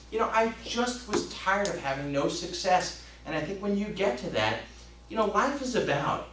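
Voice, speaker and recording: A man in his fifties giving an emphatic motivational talk as a real estate trainer, swinging between loud urging and hushed storytelling. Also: medium pitch. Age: 50s. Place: training room. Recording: roomy, distant mic, faint hum.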